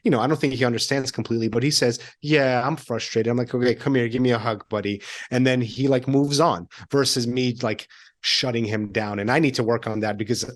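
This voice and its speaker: A man's voice: mid-range voice, fairly even intonation, a little fast. A man in his thirties, a podcast guest, talking candidly, laughing often and acting out quoted lines in a raised voice. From Iranian heritage. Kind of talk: conversational interview.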